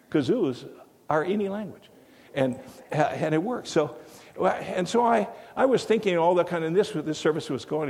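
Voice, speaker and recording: A man's voice: fairly high pitch, darkish tone. An older man telling a rambling story in a sermon, full of fillers and restarts, recorded in a church. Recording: long hall reverb.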